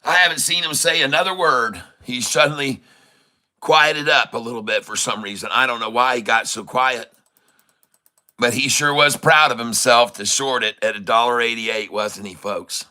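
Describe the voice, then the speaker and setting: A man hosting a casual live day-trading stream, hoarse from losing his voice, teasing and greeting his viewers with frequent chuckles. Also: mid-range voice, moderate pace, pushed and bright, poor audio. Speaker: day-trading livestream host.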